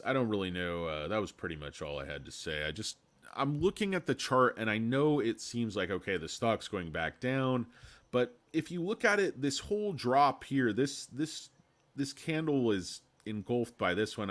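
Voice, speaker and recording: A man's voice: lowish voice, fairly bright tone. A man hosting a casual stock market video, rambling and irreverent with crude jokes, tired from lack of sleep.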